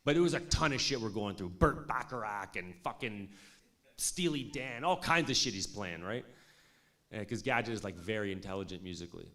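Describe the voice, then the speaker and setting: Male, thirties, low-ish voice, casual talker with lots of filler words and cursing. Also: fairly quick. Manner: animated, swearing, lots of "like" and "you know". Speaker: music producer speaking at an industry showcase. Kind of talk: casual storytelling talk.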